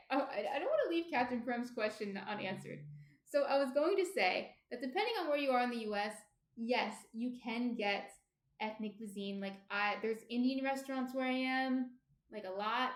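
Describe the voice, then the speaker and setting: A woman's voice: a little high, normal speed, reverberant. A woman from New Jersey with a New Jersey accent, chatting casually on a baking livestream and answering viewers' comments. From New Jersey, USA. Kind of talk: casual live-stream chat.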